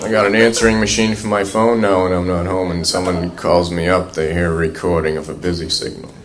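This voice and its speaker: A man delivering stand-up one-liners in a deadpan way. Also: low voice, fairly quick, echoey room, a loud crowd. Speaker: comedian.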